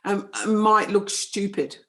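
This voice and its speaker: A woman's voice: mid-range voice, unhurried, bright, forceful tone. A middle-aged woman with a New Zealand accent, a psychic medium speaking frankly and firmly in a casual interview. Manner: frank, firm and matter-of-fact.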